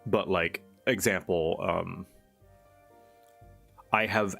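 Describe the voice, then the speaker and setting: A man's voice: low-pitched, steady tone, extremely slow, vocal fry, a bit bright, soft background music. A man streaming and chatting casually, explaining things in a rambling way with fillers. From Thailand. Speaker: streamer host. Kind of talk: casual chat.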